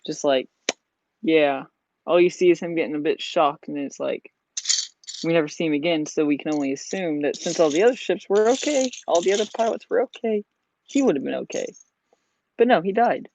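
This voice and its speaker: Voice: medium pitch, brisk, a little mellow, a little hiss or hum. A vlogger chatting casually while building a model, rambling with lots of "like" and "you know.". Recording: dull lo-fi sound.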